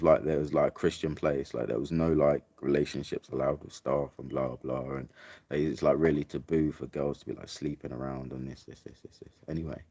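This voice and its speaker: His voice is extremely low and dark in tone, with no room sound. A young man from England, he casually tells a rambling, sweary anecdote about a trip, peppered with "like" and "mate."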